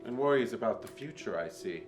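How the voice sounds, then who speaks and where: An actor playing a flamboyant, sarcastic male djinn spirit who speaks with theatrical, drawn-out emphasis in a film drama. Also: fairly low pitch, expressive, close to an everyday voice. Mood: brisk, sarcastic. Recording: roomy echo with faint music.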